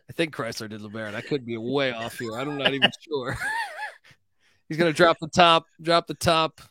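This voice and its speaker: A man's voice: medium pitch, sharp tone, clean tone, no room sound, clean studio sound. A man hosting a casual sports betting show, loose and joking, swearing and laughing as he gives his picks. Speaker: sports betting podcast host.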